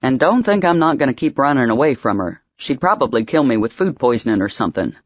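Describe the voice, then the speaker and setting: A woman voicing an ailing older man who talks low, grumbling and wheezing. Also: big pitch swings, quick pace, no room sound, dull audio. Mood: grumbling, teasing.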